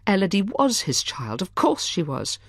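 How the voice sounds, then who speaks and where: A woman narrating an audiobook thriller in an expressive, measured storytelling manner. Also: mid-range voice, breathy edge, dry recording, studio quality.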